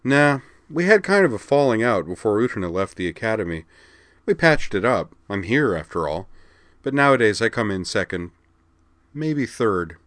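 A man's voice: fairly low pitch, very animated, normal speed, no room sound, pitched above the performer's own voice. A man voicing a casual, easygoing teenage girl duelist who talks bluntly and teases a little, in a read-aloud story. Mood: breezy. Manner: casual, offhand, quietly teasing. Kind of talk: audiobook character reading.

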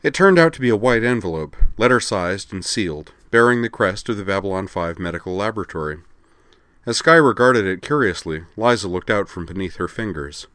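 A man narrating a story aloud in a steady, measured way. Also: fairly low pitch, no room sound. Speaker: story reader. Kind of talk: audiobook narration.

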